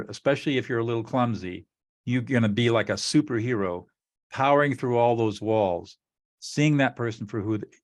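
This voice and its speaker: A man co-hosting a talk on relationships, explaining a technique in an earnest, methodical way and acting out sample dialogue. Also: lowish voice. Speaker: co-host teaching relationship skills.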